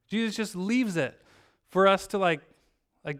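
A man's voice: high-pitched, a little slow, long pauses, clean tone. A man preaching a sermon as pastor, telling a story and acting out its characters' lines in his own voice. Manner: storytelling, acts out the characters' lines with lively shifts.

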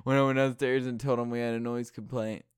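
A young man rambles through a casual story, swearing freely and laughing as he goes. His voice is smooth and clear at an average pitch, recorded close with no room sound. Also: level tone, brisk, no echo.

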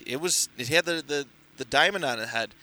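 Male co-host, casual and chatty, bright forward voice, lots of ums and restarts. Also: fairly high pitch, fairly quick. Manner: rambling, filler-heavy recap with frequent restarts. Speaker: podcast co-host reviewing comics. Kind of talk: casual chat.

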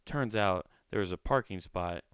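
A man's voice: low voice, normal speed, fairly bright tone, smooth, dry recording, clean studio sound. A man hosting his own podcast in a rambling, profane way, often restarting his sentences as he talks from a small recording room. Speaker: podcast host. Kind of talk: casual solo podcast monologue.

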